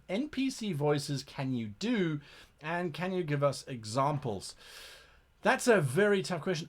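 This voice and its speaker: Chatty English man hosting a live Q&A. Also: a little high. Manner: chatty and enthusiastic, repeats words while thinking. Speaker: livestream host and game master. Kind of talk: casual live Q&A, reading chat questions.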